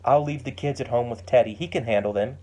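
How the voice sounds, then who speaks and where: A man's voice: mid-range voice, quick pace, warm tone, natural voice. A man voicing an emotional young mother of twins in a family story. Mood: tender.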